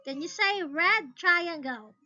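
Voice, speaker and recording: Woman teacher, demo lesson for a small child, very slow, sing-song exaggerated praise, muffled lo-fi recording. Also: very high-pitched, lively intonation, bright, forceful tone.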